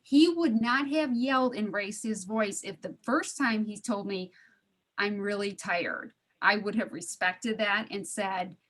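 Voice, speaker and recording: A woman's voice: mid-range voice, a little slow, a bit bright. A middle-aged woman chatting casually on a video call, laughing often and acting out the voices in a story. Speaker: study group participant. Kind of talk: casual storytelling in an online group.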